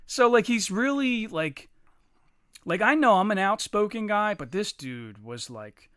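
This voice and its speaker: Man telling a story, bright forceful voice, slightly high, dry close mic. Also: a little slow, smooth, no room sound. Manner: profane, animated, mimics others mid-story. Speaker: podcast co-host. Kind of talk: casual storytelling.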